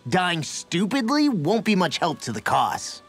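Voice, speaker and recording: An actor playing a brash, blunt young male fighter in a video game, with a husky edge. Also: high-pitched, huge pitch swings, unhurried, fairly bright tone, soft background music, full character voice. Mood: wry. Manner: cocky, blunt.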